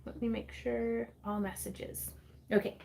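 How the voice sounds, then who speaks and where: A woman's voice: a little high, flat delivery, measured pace, vocal fry, darkish tone, a little hiss or hum. A woman hosting a casual crafting livestream from her home craft space, chatting in a bubbly, giggly way and reading viewer comments aloud.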